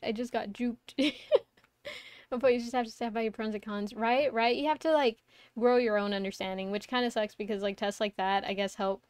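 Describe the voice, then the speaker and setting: A woman's voice: on the high side, clear, resonant tone, no echo. A young woman streaming a game, chatting casually in a rambling way, reading chat aloud and laughing often. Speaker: VTuber streamer. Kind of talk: casual live-stream chat while gaming. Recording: steady audible background noise.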